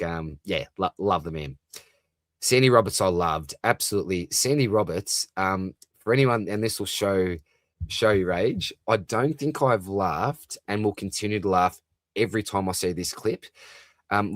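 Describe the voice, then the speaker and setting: A man's voice: lowish voice, dry recording. A young Australian man hosting a late-night fantasy football livestream, chatting casually and answering viewer comments one after another. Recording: dry close microphone.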